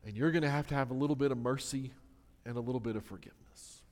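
A male pastor preaching a sermon in an earnest way, slowing down to stress key words. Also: a little high, a little mellow. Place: church sanctuary. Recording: long reverb of a large hall.

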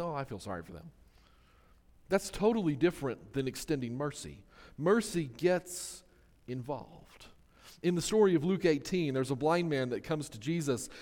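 Man, pastor, sermon, earnest, slows for emphasis, echoing church hall. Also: a little high, darkish tone. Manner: earnest, slows down to stress key words. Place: church sanctuary. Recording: long reverb of a large hall.

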